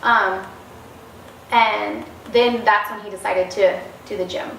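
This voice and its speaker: Animated woman in a roomy, distant recording. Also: mid-range voice, slow, creaky. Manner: animated, acts out quoted dialogue. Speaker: interview guest. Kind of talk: casual storytelling interview. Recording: roomy, distant mic, faint noise.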